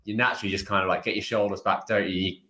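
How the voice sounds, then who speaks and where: A British man with a very low voice, chatting easily on a podcast. He tells loose, rambling stories and drops "mate" into his sentences. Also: very fast. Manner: relaxed storytelling, says "mate" often. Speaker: podcast co-host, ex-footballer. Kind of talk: casual chat.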